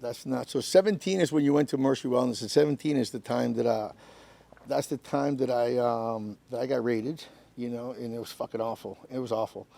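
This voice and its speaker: Man, gravelly, dark and mellow, loose profane host chat. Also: mid-range voice, steady tone, fairly quick. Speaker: podcast host. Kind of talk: casual interview chat.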